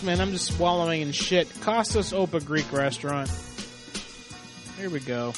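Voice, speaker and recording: A man's voice: on the high side, moderate pace, music in the background. A man co-hosting a casual, profane chat show, telling stories and acting out quotes. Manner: animated storytelling, swears a lot, acts out quotes. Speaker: podcast co-host.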